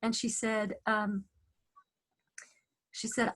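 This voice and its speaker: A woman tells a story in a relaxed, animated way, often restarting her sentences. Her voice is husky and breathy, set a little high. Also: moderate pace. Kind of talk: casual spoken storytelling.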